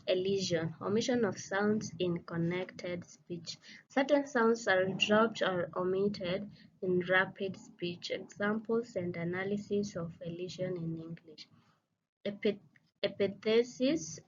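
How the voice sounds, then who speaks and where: A woman teacher reading a phonetics course outline aloud, slowly and haltingly, often stopping to restart a word. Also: medium pitch. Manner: slow, halting reading with frequent restarts on words. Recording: slightly dull, lo-fi recording with faint noise.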